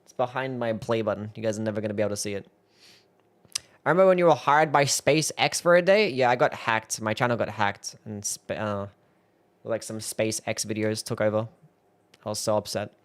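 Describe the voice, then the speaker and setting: A man's voice: fairly low pitch, fairly quick. A young man streaming live, reacting to his own old videos, laughing, swearing and mocking himself.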